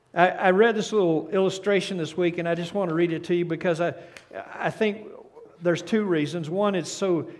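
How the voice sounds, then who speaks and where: An older man preaches with a voice pitched a little high for a man. He talks earnestly, often stumbles and restarts, and sinks into quiet, hushed phrases when he stresses a point. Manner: earnest, with frequent restarts and repeated words; reads a story aloud and drops to a soft, hushed tone at key points. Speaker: pastor. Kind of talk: sermon.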